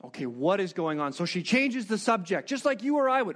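High-voiced man preaching with animated questions. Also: brisk. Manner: animated storytelling with rhetorical questions. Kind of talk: sermon.

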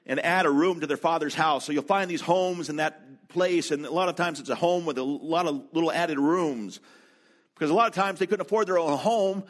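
Conversational male pastor preaching. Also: a little high. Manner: conversational storytelling with quick asides. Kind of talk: sermon.

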